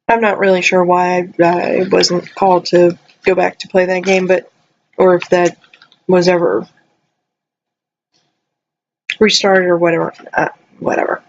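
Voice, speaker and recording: A young woman vlogger rambling casually, her voice jumping high when excited, her throat a little dry. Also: moderate pace. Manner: chatty, rambling, animated with sudden high jumps. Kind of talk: casual chat. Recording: slightly dull lo-fi audio.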